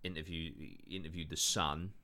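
A man's voice: sits low, flat delivery, moderate pace, sharp tone. A man hosting a podcast, telling stories in loose casual chat, full of fillers and swearing. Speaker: podcast host.

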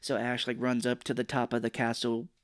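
A man in casual podcast chat, walking through a movie's scenes with lively retelling and snap impressions of the characters. His voice sits at an ordinary pitch for a man. The sound is dry and close, with no room around it. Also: no echo. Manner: animated retelling with quick voiced impressions and laughs. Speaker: podcast co-host.

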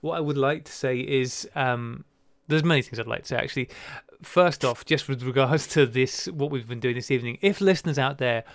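A male podcast co-host with a gravelly yet smooth, resonant voice. He talks in an easy, chatty way, thanking his listeners. The sound is dry and close. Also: medium pitch, fairly quick, no echo. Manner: warm sign-off, thanking listeners. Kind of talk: casual chat.

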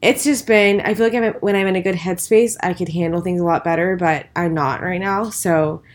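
A woman's voice: on the low side, steady tone, fairly quick. A tired, stressed woman co-hosting a casual podcast, talking in a rambling, hesitant way with lots of fillers. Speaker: podcast co-host. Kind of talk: casual chat.

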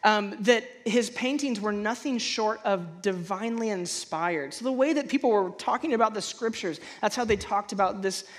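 A man preaching a sermon in a conversational way, stumbling and restarting often, then bursting out loudly when he acts out a feeling. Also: high voice, normal speed, few pauses. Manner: animated, conversational, frequent restarts and stammers. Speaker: pastor.

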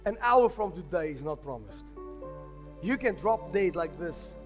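A man preaching in a high voice, telling stories with emphatic, urgent delivery. His voice rings with a long reverb through a large church hall, with faint music underneath. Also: expressive, a little slow. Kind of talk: sermon.

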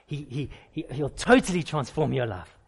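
A man's voice: on the high side, expressive, moderate pace, gravelly, breathy edge. A man, a pastor, preaching a sermon with candid personal stories and emphatic, repeated lists.

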